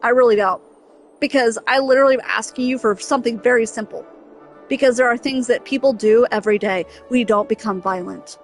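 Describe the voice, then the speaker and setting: A fairly high-voiced woman chats over a game stream, exasperated and emphatic, hammering the same point again and again. Faint game music plays underneath her casual venting. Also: steady tone, a little fast. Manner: exasperated, emphatic, repeats herself.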